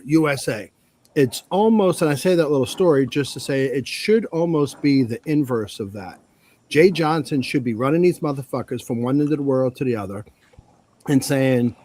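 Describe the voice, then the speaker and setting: A man co-hosting a sports podcast, delivering a heated, profane rant that swings from loud outbursts to low mutters. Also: normal speed.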